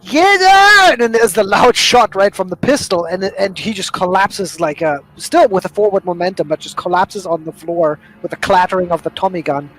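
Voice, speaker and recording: A man's voice: high-pitched, a little fast, few pauses, low-quality recording. A man playing a tabletop game, retelling his character's actions with playful drama. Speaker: player. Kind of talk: tabletop role-play, in-character narration.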